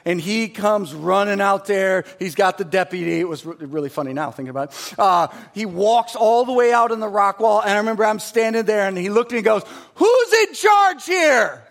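High-voiced man preaching a lively sermon. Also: brisk, gravelly, few pauses. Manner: energetic storytelling, emphatic rising delivery. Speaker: pastor.

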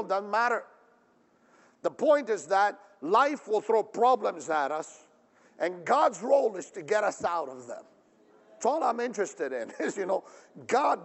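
Male pastor, high lively voice, emphatic sermon delivery with questions to the congregation, long hall reverb. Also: vocal fry, husky. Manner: animated, emphatic, asks the audience questions.

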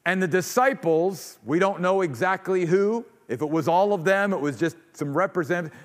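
In a church sanctuary, a pastor preaches an earnest sermon at a normal speed with hardly any pauses, acting out quoted voices with rising pitch before leading a closing prayer. A long reverb from the large hall follows his voice.

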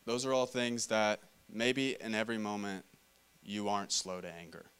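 A man's voice: fairly low pitch, fairly even intonation, normal speed, a bit bright, smooth. A man giving a casual sermon, reading scripture aloud and talking it through conversationally, often repeating and restarting phrases. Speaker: preacher. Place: church meeting room.

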